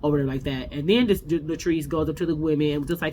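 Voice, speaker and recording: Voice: mid-range voice, steady tone, fast, hardly any pauses, darkish tone. This host chats through a reality TV recap in a mid-range voice, rambling and opinionated, with lots of stops and restarts. A faint hum of background noise sits under the talk.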